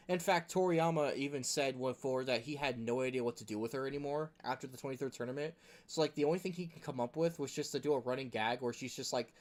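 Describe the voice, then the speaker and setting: A man's voice: a little high, darkish tone. A man hosting a gaming video, talking in a rambling, casual rant full of filler words. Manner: rambling, chuckling, heavy use of filler words.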